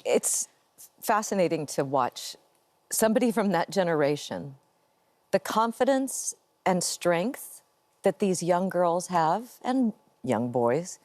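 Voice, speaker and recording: A woman's voice: on the low side, very animated, slow, darkish tone. An American woman in her fifties, an actress guest answering interview questions thoughtfully and laughing easily. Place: TV studio.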